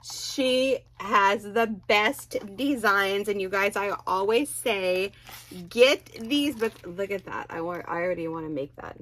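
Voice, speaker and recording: A woman crochet vlogger chatting excitedly as she unboxes birthday gifts, gushing and exclaiming often. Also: mid-range voice, a little slow.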